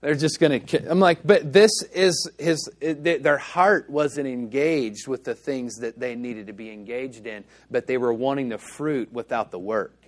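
A man's voice: mid-range voice, normal speed, few pauses. A male pastor preaching a sermon in a church, telling stories in a casual, conversational way and acting out the dialogue.

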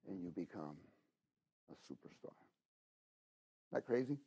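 A middle-aged man preaching a sermon, talking straight to the congregation and swinging between loud exhortation and hushed asides. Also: sits low, lively intonation, a little slow, long pauses, breathy edge. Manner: talks to the congregation directly, with frequent "you know?" and "okay?".

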